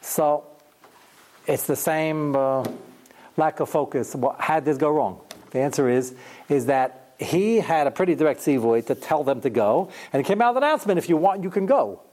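A man with a fairly high voice teaches a Torah class in easy, talky tones. He is animated, his pitch jumps up when he plays out the people he quotes, and he scatters in asides and fillers. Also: normal speed. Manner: animated, lively rises in pitch, acts out quotes. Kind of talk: informal Torah lesson.

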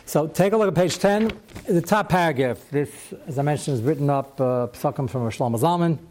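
A man's voice: fairly high pitch, a little fast, a little mellow. Man teaching a conversational Torah class. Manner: conversational, rhetorical questions and wry asides.

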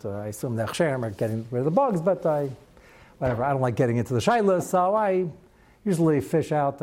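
A man teaching a Talmud class as a rabbi, chatty and animated, sprinkling his talk with Hebrew and Yiddish terms. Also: mid-range voice. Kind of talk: Talmud class lecture with storytelling.

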